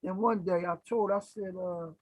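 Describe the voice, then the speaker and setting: Middle-aged guy from philly, husky voice, animated storyteller, dry close sound. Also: high-pitched, normal speed, dry recording, low-quality recording. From Philadelphia. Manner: animated, acts out quoted voices, keeps checking in with "right?". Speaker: interview guest. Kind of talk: casual storytelling.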